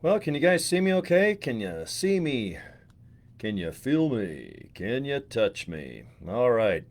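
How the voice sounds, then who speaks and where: A man's voice: medium pitch, sing-song, measured pace. A man hosting a live stream in casual chat, joking and rambling with crude humor, recorded in his studio.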